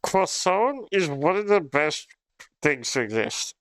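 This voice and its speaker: A man's voice: fairly high pitch, big pitch swings, takes it slowly, a bit bright, clear, resonant tone, no echo. A young man livestreaming in casual chat, rambling and swearing with frequent laughs. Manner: rambling, profane, laughs often.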